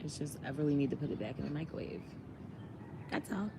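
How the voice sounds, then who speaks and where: A woman's voice: low voice, fast, noisy background. A woman vlogger chatting casually while eating, in a laid-back, chatty way.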